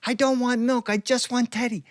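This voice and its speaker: A man's voice: very high-pitched, steady tone, normal speed, no room sound, clean studio sound, pitched above the performer's own voice. A man voicing a stubborn, tearful little boy in a told story, whiny and insistent.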